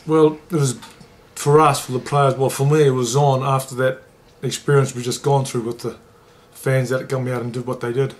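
A man, a former rugby league player telling an emotional story in an interview and getting lively when he quotes others. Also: mid-range voice, moderate pace, hardly any pauses. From New Zealand.

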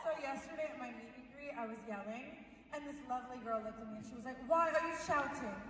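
A woman's voice: fairly high pitch, steady tone, rapid-fire, very noisy. Bubbly woman on a stage in an echoey hall. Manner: bubbly, laughing, playful. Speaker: panel guest. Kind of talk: live panel talk. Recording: echoey hall from far off with loud crowd.

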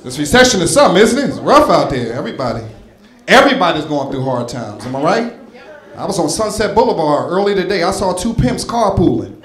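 A North Philadelphia stand-up comedian with a high, sing-song voice talks a little fast, addressing the crowd directly in a punchy, conversational style. It's a roomy live recording from a comedy club stage, with the audience laughing.

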